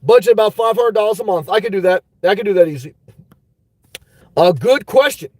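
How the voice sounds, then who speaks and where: A middle-aged man from the United States hosting a casual livestream, rambling and joking, breaking into shouts. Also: high-pitched, expressive, brisk, no room sound, poor audio. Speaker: livestream host.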